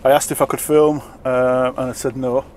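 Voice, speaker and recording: Behind the wheel of his truck, a man vlogs in a rambling, self-mocking way. He has a medium-pitched, slightly mellow voice with a flat delivery at normal speed, and the cab recording picks up road noise.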